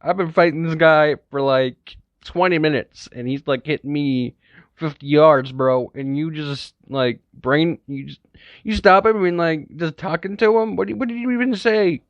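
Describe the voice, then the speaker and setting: A man's voice: mid-range voice, a little mellow, no room sound, natural voice. Man doing a cocky, rambling young hero. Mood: frantic. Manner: fast, rambling slang-filled speech. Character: cocky young male hero, easily flustered. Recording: dull, lo-fi, dry recording.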